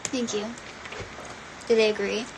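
A woman's voice: mid-range voice, flat delivery, unhurried, noisy background. A young woman from the Los Angeles area, teasing and chatting playfully. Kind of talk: casual chat.

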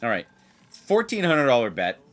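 Excitable man with a lively, swooping voice. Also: mid-range voice, moderate pace, faint music behind. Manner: excitable, repeats himself, addresses viewers as players. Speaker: blackjack video host. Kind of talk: casual chat while playing blackjack.

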